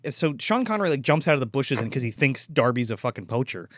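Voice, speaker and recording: A man's voice: medium pitch, big pitch swings, fast, dry recording, clean studio sound. A man co-hosting a podcast, chatting casually and profanely about a film and acting out its scenes in put-on voices. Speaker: podcast co-host. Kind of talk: casual movie-review chat.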